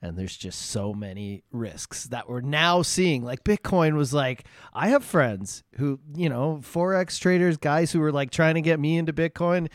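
A man's voice: fairly high pitch, expressive, unhurried, few pauses, no room sound, clean studio sound. A man co-hosting a podcast, chatting in an easygoing, conversational way. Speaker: podcast co-host. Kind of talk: casual chat.

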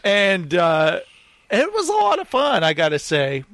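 Guy with a pretty high voice chatting away, acting out bits of his story, dead dry mic. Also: measured pace, no echo. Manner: animated, acts out the people in his stories. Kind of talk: casual storytelling chat.

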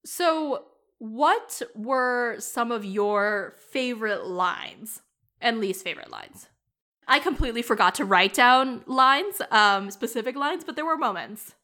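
A woman's voice: on the high side, expressive, slow pace, sharp tone. A young woman co-hosting a casual movie-review chat, talking in a rambling way full of fillers. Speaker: podcast co-host.

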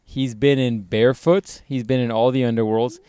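A man's voice: mid-range voice, steady tone, moderate pace, warm tone, clean tone, dry recording. Young man, podcast co-host, casual crude banter, resonant voice, dry close sound. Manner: joking, swears freely, laughs often.

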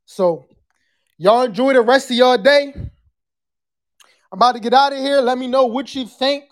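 A podcast host chatting live with callers and the chat, loud and profane, sometimes breaking into screams. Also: high-pitched, unhurried.

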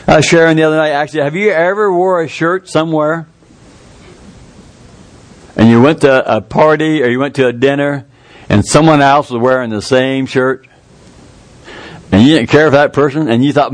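A man preaching a sermon in a folksy, earnest way, jumping up in pitch to stress a point. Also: fairly even intonation. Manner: folksy, earnest, with quick rises in pitch for emphasis.

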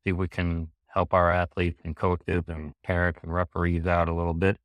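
Deep, flat-voiced man co-hosting. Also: moderate pace, no echo. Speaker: podcast co-host. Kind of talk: casual podcast chat.

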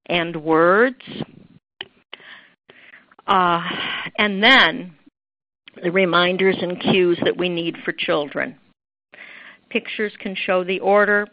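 A woman with a fairly low voice gives an earnest training lecture to early childhood teachers, stressing points with emphasis. The recording sounds dull and lo-fi.

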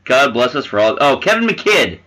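A man in casual chat reviewing a film with friends, animated, swearing and laughing while he hunts for names. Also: mid-range voice, normal speed, rough recording. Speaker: podcast co-host reviewing a film.

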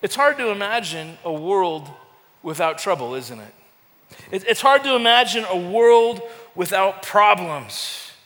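A man's voice: high-pitched, expressive, a little slow, bright, forceful tone. A man preaching a sermon as pastor, impassioned, with repeated words and rising calls to the congregation. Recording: long hall reverb.

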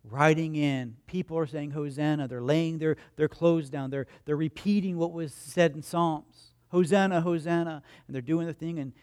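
A pastor delivers a lively, conversational sermon, acting out the people in his stories. His voice sits high for a man, and he turns to ask his congregation questions as he goes. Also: moderate pace, few pauses, clear, resonant tone. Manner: animated storytelling, acts out voices and crowd quotes.

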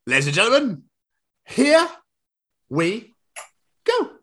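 A man's voice: very high-pitched, huge pitch swings, slow pace, fairly bright tone, echoey room. A man co-hosting a podcast, upbeat and jokey, who laughs easily while chatting. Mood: announcing. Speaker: podcast co-host. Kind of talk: casual podcast chat.

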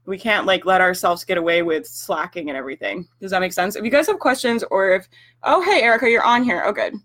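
A young woman talks to her livestream audience in a loose, blunt way. She peppers her speech with "like" and the occasional swear word, and her voice sits at a middle pitch. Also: animated, quick pace, fairly bright tone. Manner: frank, swears freely, lots of filler "like". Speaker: livestream host coaching business owners. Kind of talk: casual livestream talk.

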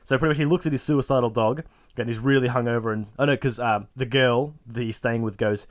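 Male podcast co-host, casual and joking, breaks into goofy impressions while retelling scenes. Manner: acts out characters in quick squeaky put-on voices while retelling. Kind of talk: casual chat recapping a sitcom episode.

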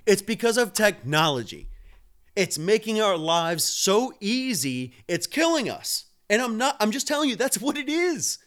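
Here a live-stream host with a high-pitched, very animated voice holds a moderate pace and a fairly bright tone. Beer in hand, he fields viewers' comments and talks straight to them in a fired-up rant loaded with swearing.

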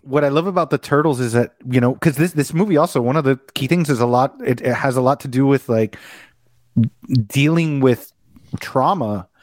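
A man's voice: mid-range voice, moderate pace, darkish tone, no echo. A man co-hosting a podcast, talking about movies in a rambling, enthusiastic way with many restarts. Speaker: podcast co-host. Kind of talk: casual movie chat.

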